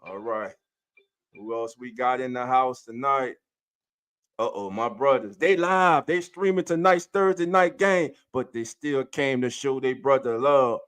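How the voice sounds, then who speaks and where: Hyped-up man hosting a sports live stream. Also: mid-range voice. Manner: hypes up and greets chat viewers by name; loose, energetic, calls listeners family and baby. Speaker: podcast host.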